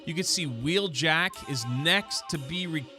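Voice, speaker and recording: A man hosting a comic book channel, recapping an issue in a chatty, excited way and often restarting his words. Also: fairly high pitch, a little slow, over music.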